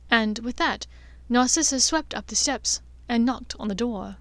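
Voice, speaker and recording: A woman narrating a fan fiction audiobook in a clear, steady storytelling voice. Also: fairly high pitch, normal speed, few pauses, dry recording.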